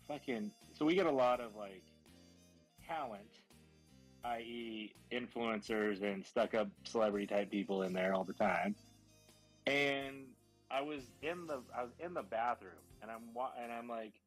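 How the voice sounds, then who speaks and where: A man's voice: on the low side, slightly rough, rough recording. Man, casual podcast co-host, swears a lot, rambles, faint music underneath. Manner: profane, rambling storyteller. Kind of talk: casual chat.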